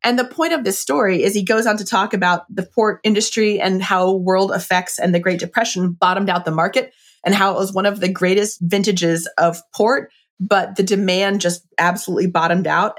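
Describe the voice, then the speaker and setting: A middle-aged woman with a fairly low voice chats about wine and a book. She sounds casual and enthusiastic, sprinkling in plenty of fillers.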